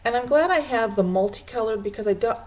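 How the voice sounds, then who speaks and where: A woman's voice: on the high side, animated, fast, darkish tone. A woman hosting a knitting video podcast from home, chatting casually and laughing often while she shows her projects to a webcam.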